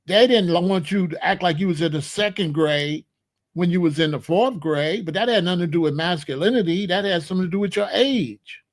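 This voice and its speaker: A man hosting his own commentary, arguing emphatically with rhetorical questions and repeated points. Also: sits high. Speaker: commentary host. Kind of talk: casual spoken commentary.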